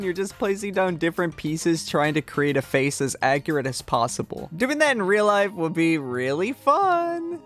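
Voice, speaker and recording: A man's voice: sits high, fairly bright tone. A young man giving comedic, exaggerated commentary on game minigames. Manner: joking, exaggerated, briefly puts on a southern drawl. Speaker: gaming video host. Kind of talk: comedic commentary over gameplay. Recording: music bed behind voice. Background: faint background music.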